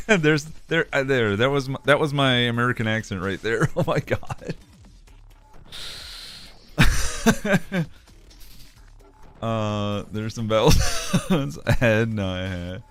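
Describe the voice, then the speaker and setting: A male streamer in loose live-stream chat, taking his time with each phrase and breaking into giggles as he reads chat aloud. He swears casually, and soft music plays faintly behind him. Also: mid-range voice, expressive, slow pace, long pauses, smooth. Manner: giggly, laughs often while reading chat aloud. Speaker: streamer and animator.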